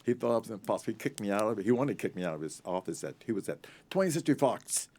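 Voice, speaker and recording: A man in his eighties, an actor and author telling lively, rambling Hollywood stories in an interview and acting out the people in them. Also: fairly low pitch. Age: 80s. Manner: animated, rambling, laughing, quick to act out others. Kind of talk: anecdotal interview storytelling.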